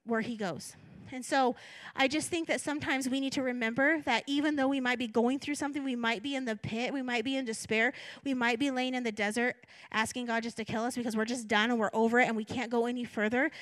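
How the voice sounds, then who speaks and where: A woman's voice: sits high, a bit bright, no room sound. A woman pastor giving a conversational sermon, reading scripture and acting out her own thoughts with self-deprecating asides.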